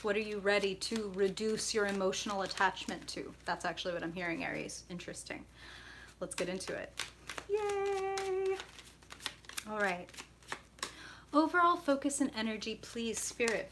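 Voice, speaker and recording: A woman's voice: medium pitch, a bit bright, slight background noise. A woman hosting a live tarot stream, bubbly and chatty, greeting viewers by name and laughing often.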